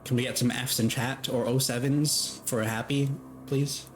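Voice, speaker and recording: A man's voice: medium pitch, fairly even intonation, normal speed, slight background noise. A man streaming a game, chatting casually with his viewers and reading the game's lines aloud. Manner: chatty, laughs, talks to chat.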